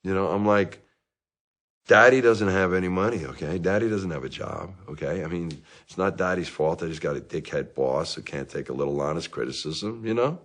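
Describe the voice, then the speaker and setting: Brief: male actor as a middle-aged divorced dad in therapy. Low, deep voice, rambling comic self-pity with angry flare-ups. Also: moderate pace, a bit bright. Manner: rambling, self-justifying, with bursts of anger. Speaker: therapy patient. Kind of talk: comic monologue.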